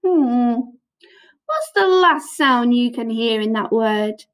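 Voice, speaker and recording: A woman teaching a phonics lesson to young children on camera, sounding out letters slowly with lots of praise. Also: on the high side, animated, clear, resonant tone, rough recording. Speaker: primary school teacher.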